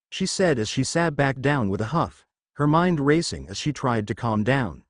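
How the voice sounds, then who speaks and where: Lively-pitched man reading fan fiction. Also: normal speed, no room sound, studio quality. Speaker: narrator.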